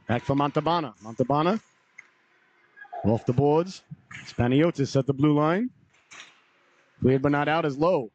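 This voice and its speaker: A slightly hoarse man calling a live hockey game play by play, brisk name-by-name calls with folksy asides. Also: on the high side, no echo. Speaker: play-by-play announcer.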